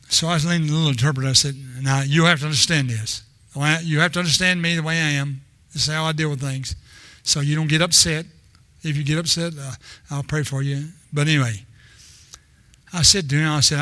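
A man's voice: a little high, fairly even intonation, fairly quick, bright, forceful tone, dry recording. An older man preaching a sermon in a rambling, storytelling way, often restarting his sentences.

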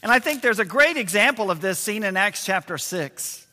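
A pastor delivers a sermon in a high, sharp male voice that rings out through a reverberant hall. He slows down to stress key words and sometimes lets his voice sink low and quiet. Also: animated. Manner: emphatic preaching, slowing to stress key words, voice dropping low and quiet at times.

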